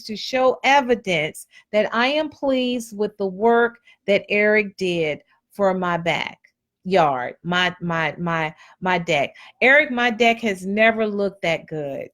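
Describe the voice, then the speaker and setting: A woman's voice: medium pitch, expressive, slow, a bit bright. A woman host giving blunt, preachy motivational advice in a casual live talk. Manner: preachy and blunt, colloquial, repeats phrases.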